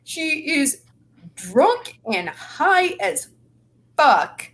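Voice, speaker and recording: A woman's voice: sits high, very animated, very slow, a bit bright. A woman hosting a casual group chat, heated, indignant and swearing freely. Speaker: host.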